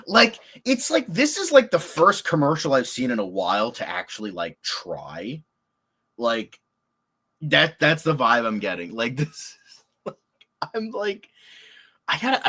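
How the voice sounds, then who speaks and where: A man hosting a casual reaction show, excitable and rambling, swearing often and laughing. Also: mid-range voice. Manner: excitable, swears a lot, lots of filler words and laughs. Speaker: podcast host.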